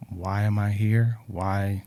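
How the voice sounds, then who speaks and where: A man's voice: on the low side, flat delivery, takes it slowly, warm tone. A man in a reflective personal talk, speaking earnestly about life lessons and often repeating words, emotional with a drying throat.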